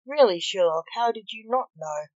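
A woman's voice: mid-range voice, animated, moderate pace, no room sound, close to an everyday voice. A woman voicing a grieving, vengeful male coroner who is not human, speaking in a grim, snappish way, on a dull lo-fi recording.

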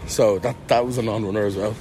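A man's voice: on the low side, fairly even intonation, quick pace, a crowd in the background. Young Irish man, jokey travel banter. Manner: jokey, self-mocking banter. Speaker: podcast co-host. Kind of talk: casual travel chat. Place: outdoors and in an airport, walking through a city.

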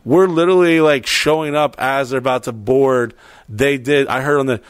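A man's voice: mid-range voice, normal speed, clean tone, dry recording. Guy telling a crazy airport story, swears a ton, does voices, dry sound. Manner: animated, swears a lot, acts out voices. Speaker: podcast host telling a story. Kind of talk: casual storytelling.

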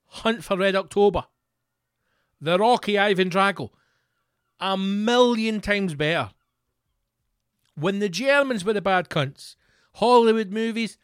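A man's voice: sits high, fairly bright tone, smooth, dry recording, clean studio sound. A Scottish man hosting a podcast, ranting sarcastically, swearing freely and reading news reports aloud. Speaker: podcast host.

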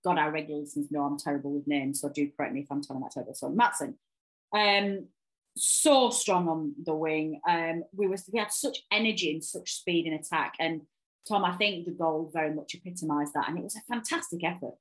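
A woman's voice: low-pitched, fairly quick, rough recording. A woman hosting a casual football podcast, chatting with hesitant ums and restarts. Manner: hesitant, lots of ums, laughs easily. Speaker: podcast host.

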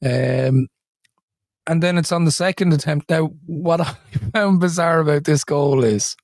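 A man's voice: a little high, measured pace, darkish tone, no echo, studio quality. A man co-hosting a podcast in casual chat, chatty and laughing as he tells it. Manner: chatty, laughs while telling it. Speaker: podcast co-host.

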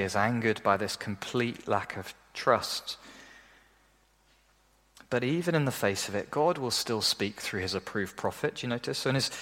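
A man preaching a sermon, animated, often acting out the people he quotes in a lifted voice. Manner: animated, acts out quoted voices in a raised pitch. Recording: long hall reverb.

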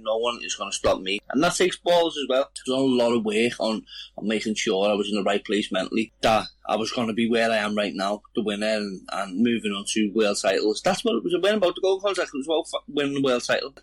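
A man's voice: on the low side, breathy edge, no echo, low-quality recording. A young man with a Scouse accent, talking earnestly as an interview guest and often asking "do you know what I mean". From Liverpool, England. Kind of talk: casual interview chat.

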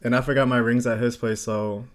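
A man's voice: mid-range voice, a little fast, noisy background. Young male podcast co-host with a mid-range voice, telling stories casually and acting out what people said. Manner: animated storyteller, acts out quotes, laughs often. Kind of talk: casual chat.

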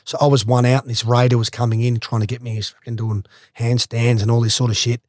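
Swearing Australian bloke telling stories. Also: male voice, medium pitch, little pitch movement, fast talker, dry recording, studio quality. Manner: swears freely, rambling anecdotes. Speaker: guest, former athlete. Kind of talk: casual storytelling.

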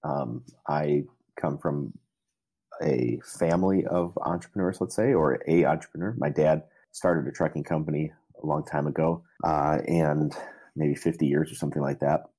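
Man, middle-aged, very deep voice, husky, rambling, self-deprecating. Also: moderate pace, dark tone. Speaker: interview guest, entrepreneur. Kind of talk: casual storytelling interview.

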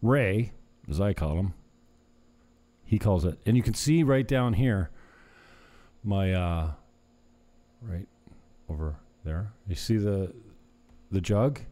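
A man's voice: fairly low pitch, slow pace, pauses often, dark tone. A man talking casually to his viewers in a meandering vlog, often breaking off mid-thought and chuckling at his own asides. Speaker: vlogger. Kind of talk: casual rambling chat to camera.

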